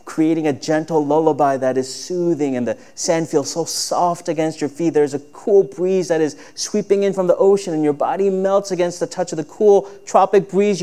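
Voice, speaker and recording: A man preaching a sermon as a pastor, talking in a conversational way and acting out quoted voices with lively shifts. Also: fairly high pitch, smooth.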